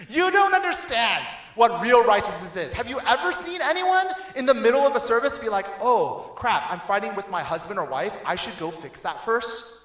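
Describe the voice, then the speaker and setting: Animated young man preaching to youth. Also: high voice, a little fast, roomy sound. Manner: animated, laughing, conversational with frequent "right?" and "okay?". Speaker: youth pastor. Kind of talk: casual youth sermon. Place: church hall.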